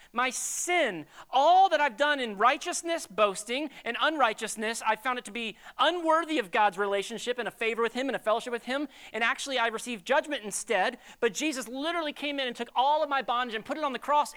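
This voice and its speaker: A woman preaching a sermon in a conversational, animated way, with jokey asides. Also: high-pitched.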